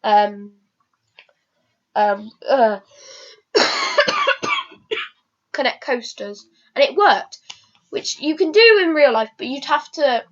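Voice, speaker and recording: A woman's fairly high voice comes through a dull, lo-fi recording. She rambles through a casual vlog and keeps stopping to restart her sentences, with plenty of ums and uhs in between. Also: lively intonation, slow, pauses often. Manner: rambling, hesitant, many restarts and fillers. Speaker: vlogger.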